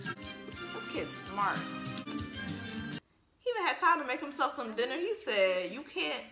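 A woman hosting a casual movie reaction, talking with animated slangy asides and frequent laughter. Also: high voice, takes it slowly, reverberant, over music.

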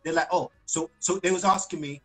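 Chatty high-voiced man telling stories. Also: steady tone, fairly quick, pushed and bright, soft background music, low-quality recording. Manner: chatty storyteller, laughs often, repeats phrases. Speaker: singer, interview guest. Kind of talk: casual interview over a live stream. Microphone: video call.

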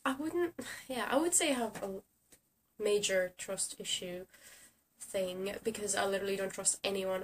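A young woman who is sick, ranting sarcastically in a casual vlog and swearing often. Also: medium pitch. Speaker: vlogger. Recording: distant camera mic with faint hiss.

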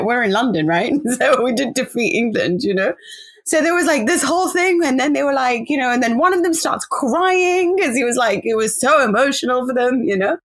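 A woman co-hosting a podcast, telling a story in a lively, chatty way. Her voice sits fairly high for a woman. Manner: animated, chatty, laughing storyteller. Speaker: podcast co-host. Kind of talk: casual storytelling chat.

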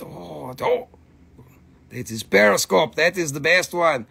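A man running a live mineral sale. He talks slowly in a gravelly, husky voice that sits a little high for a man. His chat is loose and playful, and he banters with his dogs as he goes. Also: animated, pushed and bright. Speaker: host selling minerals on a live stream. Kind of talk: casual live sales chat.

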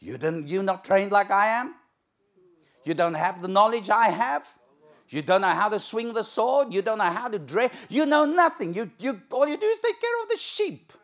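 A man playing an angry older brother, a soldier who taunts and belittles his younger sibling loudly. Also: high-pitched, sing-song, normal speed, pitched above the performer's own voice, heavily acted. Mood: scornful.

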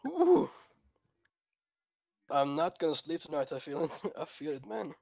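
A man's voice: fairly high pitch, huge pitch swings, a little slow, creaky, a little mellow, no echo, dull audio. A man in casual gaming voice chat, swearing often and bursting into laughter. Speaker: player.

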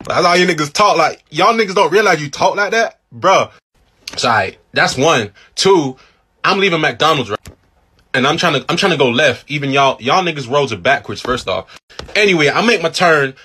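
An American man from the United States doing a profane, incredulous comic rant, often breaking into laughter, with a husky voice. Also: a little high, lively intonation, moderate pace, bright, forceful tone. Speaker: comedian ranting to camera.

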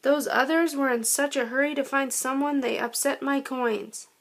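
A woman's voice: sits high, steady tone, moderate pace. A woman voicing a grumpy, greedy lobster who guards his coins in a children's storybook, growling and grumbling. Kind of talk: storybook read-aloud.

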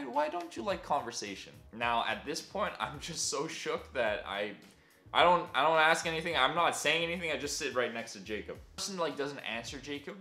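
A young man tells a story in a casual, self-deprecating way, with lots of fillers. His voice swings lively and sounds bright. The room is echoey, with faint music behind. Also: on the high side. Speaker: vlogger.

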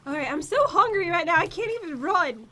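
A woman's voice: extremely high pitch, expressive, fairly quick, sharp tone. A woman chatting casually while gaming, giggling and squealing at surprises. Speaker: gaming video co-host. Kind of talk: casual gameplay chat.

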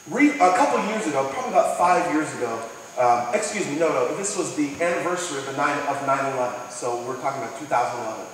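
A man's voice: fairly high pitch, lively intonation, fast talker, a bit bright, a little hiss or hum. A man preaching a sermon, telling stories, asking the congregation questions and acting out the people he quotes. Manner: storytelling, asks the audience questions, acts out quoted people. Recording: distant mic in an echoey hall.

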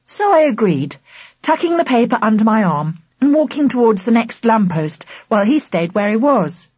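Lively, breathy woman reading a children's book. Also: a little high, normal speed, no echo. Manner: expressive first-person storytelling. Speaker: audiobook narrator. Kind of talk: scripted children's book narration.

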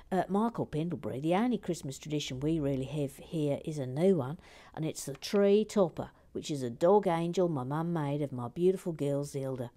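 A woman hosting a livestream, chatting gently as she reads out viewer comments. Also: deep voice, slight background noise. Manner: gentle, warm-hearted and chatty. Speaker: livestream host building a brick set. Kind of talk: casual chat reading viewer comments.

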